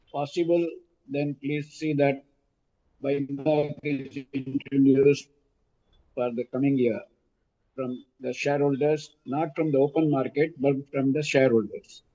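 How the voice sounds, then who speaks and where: Indian shareholder, man, very dark tone, measured and formal, muffled call audio. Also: on the high side, fairly even intonation. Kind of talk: video-call shareholder remarks. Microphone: video call.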